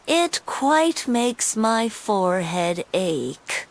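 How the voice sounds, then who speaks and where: A woman's voice: on the high side, very animated, very slow, voice pushed up, exaggerated voice. A woman voicing a grave, fussy king in a storybook.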